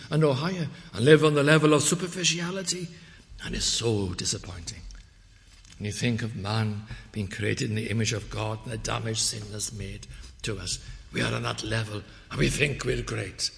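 A man preaches with mounting emphasis, pressing his points loudly and then dropping to a low, grave hush. He reads the old scripture wording slowly and solemnly. His voice sits at an ordinary male pitch, and a long reverb trails every phrase around a large hall. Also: vocal fry. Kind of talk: sermon.

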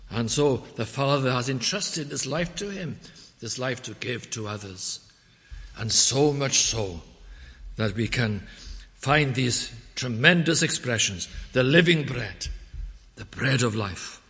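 A man preaching a measured expository sermon, quoting scripture in old English wording. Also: medium pitch, expressive, fairly bright tone. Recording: long reverb of a church hall.

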